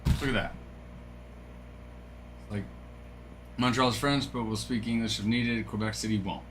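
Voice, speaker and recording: A man's voice: medium pitch, fairly even intonation, takes it slowly, fairly bright tone, slight background noise. A man hosting a card-break live stream, chatting casually with viewers and musing aloud. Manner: chatty, musing aloud, reads from a screen, stumbles over French names.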